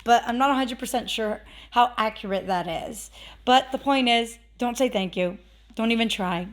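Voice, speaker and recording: A fairly high-voiced woman talks through a casual instructional vlog. She is chatty and loose, leaning on fillers and repeating her warnings for emphasis. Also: normal speed. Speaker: witchcraft video host.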